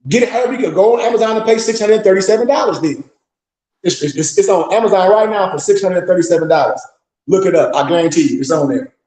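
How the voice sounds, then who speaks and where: A man talks as a pastor and teacher, animated and boastful, slipping into quoted voices as he tells his stories. His voice sits high for a man. The room around him rings with echo. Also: quick pace. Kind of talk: casual livestream talk.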